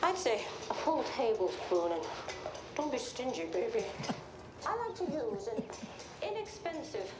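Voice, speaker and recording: A woman's voice: fairly high pitch, sing-song, unhurried, heavy background noise. An actress playing an exuberant 1960s television cook in her fifties, theatrical and warbling, sprinkling in French phrases. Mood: chipper. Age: 50s. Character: cheerful tall female TV cook, 50s, exuberant. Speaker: cooking show guest. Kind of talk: 1960s television drama acting.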